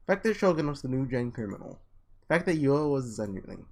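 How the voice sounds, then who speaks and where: A man with a slightly hoarse, under-the-weather voice reads a visual novel aloud with casual asides, sometimes tripping over and restarting words. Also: medium pitch, very animated, fast talker, darkish tone. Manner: casual, trips and restarts words while reading. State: voice a little sick, slightly hoarse. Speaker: let's player.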